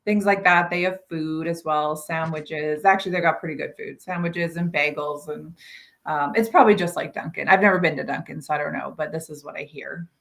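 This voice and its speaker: Co-host: Canadian woman, Albertan accent, lowish voice, easygoing and chatty, trails off with "so". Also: fairly even intonation, brisk, vocal fry, a bit bright. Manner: chatty, laughs easily, trailing "so". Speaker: morning show co-host. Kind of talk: casual chat.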